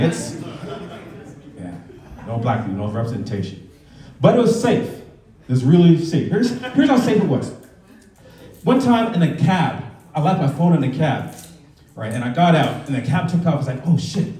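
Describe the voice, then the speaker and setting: Recorded from afar in a roomy club, a man in his thirties with a mellow, high-side voice performs an easygoing, conversational stand-up set. He voices characters while the audience laughs.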